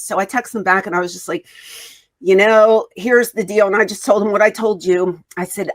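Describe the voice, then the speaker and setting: A woman's voice: medium pitch, moderate pace. A woman guest in an interview, telling a story and acting out the dialogue as she goes. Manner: animated, acts out quoted dialogue. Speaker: wrestling guest.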